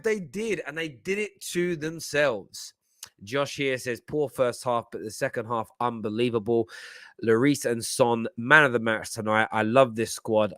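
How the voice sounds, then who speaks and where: A man hosting a live football reaction stream, talking in an animated, jokey way and reading out viewer comments. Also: medium pitch, dry recording. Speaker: football channel host.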